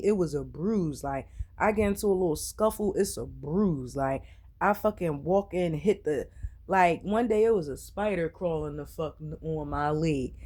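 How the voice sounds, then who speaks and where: A woman with a notably low, deep voice tells her story to camera in a casual, blunt way. She swears constantly and gets animated as she talks. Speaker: vlogger telling her own health story; mother.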